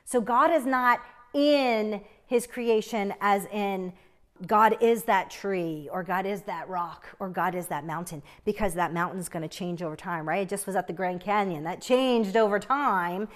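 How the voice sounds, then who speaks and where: A woman's voice: medium pitch, a little slow. A young woman teaching a Bible lesson in an earnest, chatty way, often checking in with "right?".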